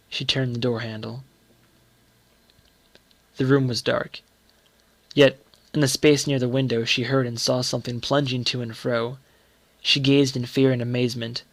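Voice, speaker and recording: A man reading a short story aloud in a measured, dramatic storytelling manner. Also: medium pitch, gravelly, a bit bright, no echo. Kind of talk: scripted narration of a short story.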